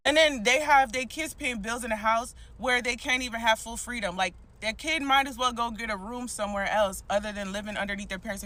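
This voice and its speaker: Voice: medium pitch, pushed and bright. A speaker giving a blunt, emphatic opinion rant. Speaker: vlogger.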